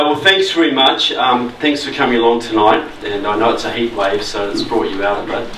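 Kiwi guy giving a talk to a crowd, chatty but punchy, echoey hall, mic kinda far off, bit of hiss. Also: mid-range voice. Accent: New Zealand. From New Zealand. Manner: conversational, emphatic. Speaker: guest speaker. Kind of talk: public political talk. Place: meeting hall.

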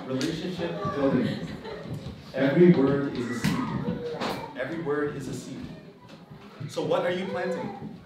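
Male pastor, emphatic and repetitive, miked from far off with room noise. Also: high voice. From Philippines (Kapampangan). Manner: emphatic, repeats key phrases. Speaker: pastor and host. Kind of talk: sermon to a live group. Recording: echoey room, distant mic, background noise.

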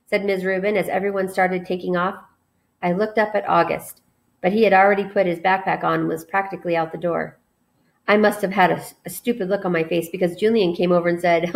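A woman, a teacher, reading a children's novel aloud to her class in an expressive, friendly way. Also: lowish voice, a little fast. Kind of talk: storybook read-aloud narration.

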